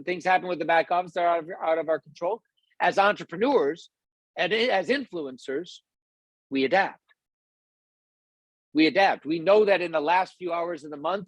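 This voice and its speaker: A man giving a casual motivational talk to his team. He rambles with many restarts and acts out quoted people in raised voices. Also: no echo. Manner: acts out quoted voices in a higher, louder pitch.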